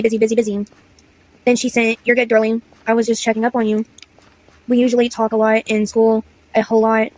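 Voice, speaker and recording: A roughly twenty-year-old content creator reads her old texts out loud for a story-time vlog, chatty and fed up, with slang-filled side comments. The audio is poor and her voice leans high.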